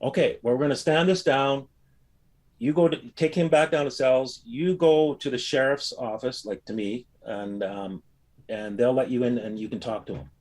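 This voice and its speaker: A man voicing a calm, dignified older male judge who speaks firmly and with authority. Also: medium pitch, normal speed, lightly acted.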